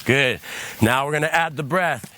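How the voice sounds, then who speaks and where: A man leading a guided movement class, calmly coaching steps, counting aloud and leading rhythmic chants. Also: a little high, moderate pace, slight background noise.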